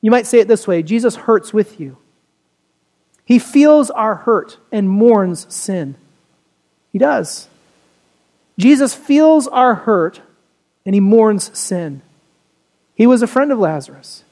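A pastor preaching a Sunday sermon in an easy, conversational manner. The delivery keeps turning to the congregation with quick "right?" and "you know" asides and moves at a middling pitch. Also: lively intonation, darkish tone.

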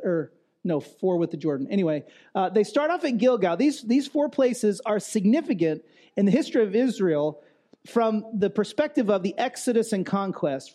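A man's voice: high voice, dark tone. A male pastor giving a sermon in a conversational way, with restarts and emphatic repetition.

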